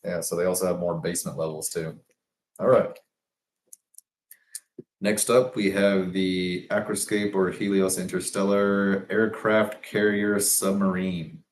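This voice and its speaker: Deep-voiced man musing over sketches. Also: steady tone, unhurried, roomy sound, slight background noise. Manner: rambling, thinking aloud with fillers and self-corrections. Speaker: presenter of business ideas. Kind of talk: casual explanation of sketches.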